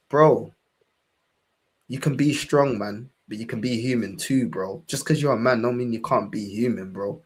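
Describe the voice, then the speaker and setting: With slight noise in the background, a young London-accented Englishman chats on his fan channel's podcast at a moderate pace in a medium-pitched voice. He's impassioned and profane, repeatedly addressing people as "bro."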